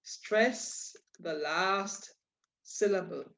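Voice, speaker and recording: Slow, patient woman teacher. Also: lowish voice, creaky, fairly bright tone. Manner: slow, patient explanation, spelling out letters. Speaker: Spanish teacher. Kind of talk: online lesson.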